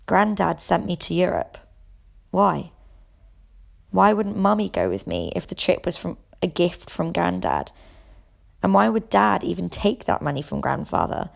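A woman reading a novel aloud in the first person, at a steady pace. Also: fairly low pitch, measured pace, gravelly. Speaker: audiobook reader. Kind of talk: audiobook narration.

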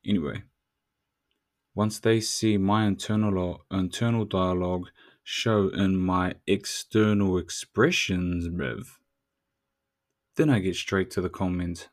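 A man's voice: low voice, takes it slowly. A man with a New Zealand accent hosting a casual podcast monologue, slangy and swearing as he talks straight to the listener. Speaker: podcast host.

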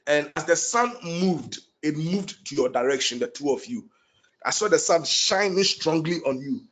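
A man's voice: on the high side, lively intonation, normal speed, fairly bright tone. A man leading prophetic prayer, declaring blessings over named people with fervent, repetitive declarations.

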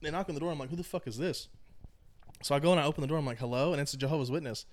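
A man's voice: on the high side, rapid-fire. A young man hosting a podcast, telling rambling stories in casual chat, swearing freely and mimicking the people in them. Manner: loose storytelling, swears a lot, mimics people. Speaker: podcast host.

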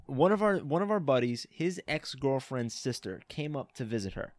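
A man's voice: mid-range voice, moderate pace, dry recording. Young man telling a story, dry close mic. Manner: animated storytelling, laughing, swearing. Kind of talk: casual chat.

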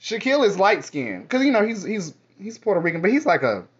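A fairly high-voiced man talks straight to camera in a loose, rambling monologue, dropping curses and sass as he goes. The audio is muffled and lo-fi. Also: very animated, brisk. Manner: sassy, profane, rambling. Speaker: vlogger. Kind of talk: casual monologue. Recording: dull lo-fi audio.

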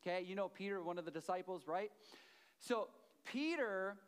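In this sermon, a pastor whose voice sits high for a man tells stories in a chatty way, pausing to check in with his audience and repeating key phrases for emphasis. He speaks smoothly at a moderate pace.

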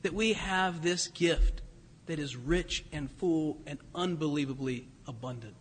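A middle-aged man preaching a sermon, conversational and animated, with asides and fillers. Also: a little high, measured pace, slightly rough, long reverb tail. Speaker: pastor.

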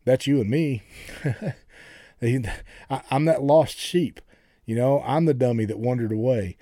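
A middle-aged male pastor delivers an earnest sermon in a warm, mellow voice. He repeats words as he builds his points and lifts his pitch when he declares something. The sound is dry and close. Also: a little slow, dry recording.

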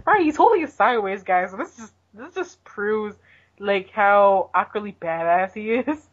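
A woman's voice: mid-range voice, animated, normal speed, highs cut off. Young woman rambling through a story. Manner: rambling storyteller, laughs often. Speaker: podcast co-host. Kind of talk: casual chat recapping a manga.

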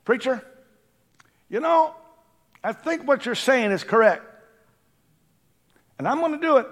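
A man voicing a procrastinating churchgoer who keeps promising to change someday, halting and earnest. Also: extremely high pitch, expressive, in a large hall, pitched above the performer's own voice, full character voice. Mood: earnest pleading.

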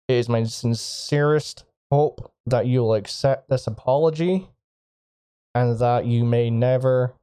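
Man doing tense guard captain, flat monotone, gritted teeth, slow. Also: mid-range voice, clear, resonant tone, natural voice. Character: rigid male guard captain, humiliated and tense.

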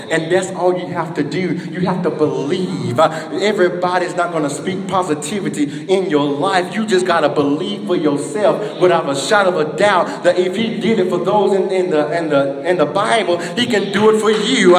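A high-voiced man preaches with fervent call-and-response energy, his rising into exhortation and dropping low to tell the story. The sound rings through a large, echoing church hall. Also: normal speed, a bit bright. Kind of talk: sermon. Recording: echoey hall.

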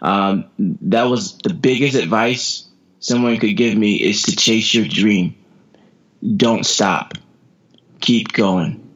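An American man in his thirties, a sprinter telling motivational stories as a podcast guest, energetic, repeating his words and laughing often. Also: on the low side, slow pace, pauses often. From United States. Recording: dull lo-fi podcast audio.

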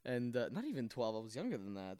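A man's voice: medium pitch, wildly swooping pitch, quick pace, a little mellow, dry recording. A man co-hosting a podcast, telling rambling stories in a casual, filler-heavy way. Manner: rambling storyteller, lots of fillers. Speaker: podcast co-host. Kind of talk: casual chat.

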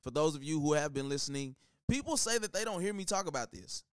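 A young man from Texas, hosting a casual solo podcast in a loose, slangy, animated way. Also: on the high side, quick pace, clear, resonant tone, no echo, clean studio sound. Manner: animated, slangy, loose, many "you know what I'm talking about" tags. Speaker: podcast host.

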